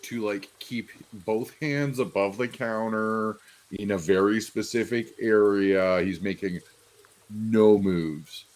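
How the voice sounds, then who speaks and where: Slow, low-voiced male game master. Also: darkish tone. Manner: hesitant, with many fillers. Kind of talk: narrating a tabletop game.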